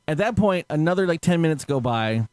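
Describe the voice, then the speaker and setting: Animated storytelling man, dry close mic. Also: on the high side, brisk, no room sound. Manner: animated, laughing, acts out quotes with swearing. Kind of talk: casual storytelling chat.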